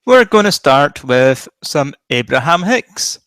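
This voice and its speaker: A man hosting a podcast, laid-back and halting, introducing co-hosts and topics. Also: on the high side, very animated, a bit bright, no echo. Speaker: podcast host.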